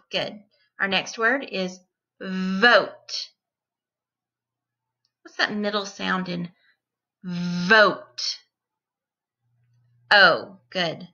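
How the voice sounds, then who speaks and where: A woman teacher giving a distance-learning phonics lesson to young children, repeating each word and sounding it out deliberately. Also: mid-range voice, pushed and bright, muffled recording.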